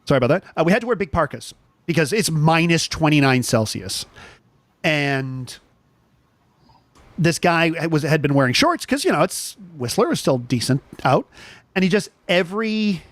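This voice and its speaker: A man's voice: on the high side, normal speed, no echo. A man hosting a chat show, telling a story casually with lots of restarts. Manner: animated storyteller, restarts often.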